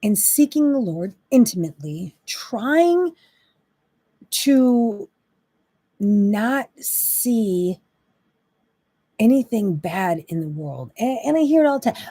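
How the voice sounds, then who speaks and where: Impassioned woman preaching with lively swings. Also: medium pitch, slow, pauses often, no echo. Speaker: Christian talk host. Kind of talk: faith-based monologue.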